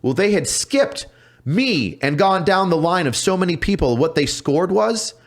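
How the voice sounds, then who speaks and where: A man, a police officer guest on a podcast, telling stories casually with lots of swearing and quick impressions of other people. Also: high voice. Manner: profane, animated, mimics people in his stories. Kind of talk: casual storytelling.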